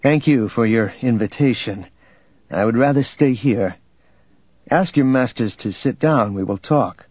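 A man voicing a calm, resolute young Jedi in an audiobook. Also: mid-range voice, a little slow, slightly rough, no echo. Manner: firm, commanding. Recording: dull lo-fi recording, faint music.

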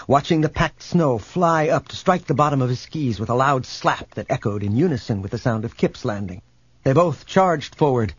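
A man reading a novel aloud as a narrator, in steady, measured storytelling. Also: mid-range voice, husky, dry recording. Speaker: audiobook narrator. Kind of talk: scripted narration. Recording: dull, slightly lo-fi.

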